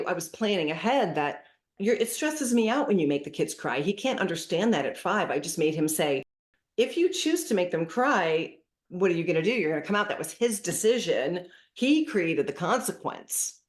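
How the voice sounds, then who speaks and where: Middle-aged woman, animated storyteller, echoey room. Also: on the low side. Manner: animated storytelling, acting out dialogues. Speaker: parenting specialist guest. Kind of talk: casual interview chat.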